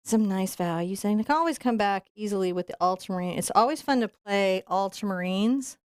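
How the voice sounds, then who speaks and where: A woman teaching a live painting tutorial in a soft, soothing voice as she paints. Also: medium pitch, brisk, clean tone, no room sound, studio quality. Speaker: painting instructor.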